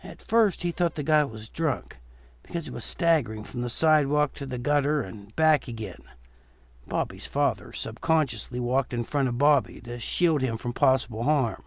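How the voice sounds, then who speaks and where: A man reading a Halloween horror story aloud in a steady, measured storytelling voice. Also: medium pitch, vocal fry, no echo. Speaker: narrator. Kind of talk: storytelling narration.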